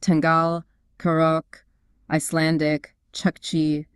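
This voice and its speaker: A woman's voice: low voice, completely flat delivery, takes it slowly, smooth, no echo, clean studio sound. Upbeat woman explaining in casual chat. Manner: upbeat, explanatory, frequent fillers. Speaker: co-host.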